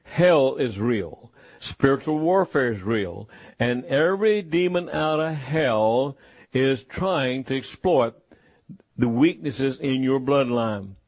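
A man preaching a sermon in a slow, emphatic, repetitive way. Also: mid-range voice, darkish tone, dry recording.

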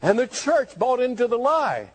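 A man's voice: very high voice, big pitch swings, moderate pace. A man preaching a fervent sermon, reading scripture and pressing the congregation with questions. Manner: fervent, rising to impassioned questioning.

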